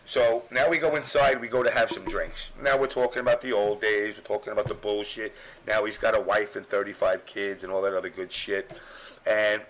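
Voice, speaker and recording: A man's voice: on the low side, steady tone, fairly quick, fairly bright tone, slight background noise, low-quality recording. A middle-aged man from New York telling a rambling, profane story in casual chat, full of fillers. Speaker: podcast guest, former strategy guide writer.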